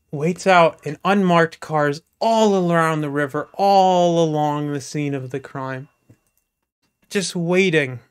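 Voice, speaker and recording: Live storyteller, stretched-out joke, sudden loud bursts. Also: mid-range voice, clear, resonant tone. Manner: drawn-out, playful narration with sudden bursts. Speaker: comedic storyteller. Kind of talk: live shaggy-dog joke telling.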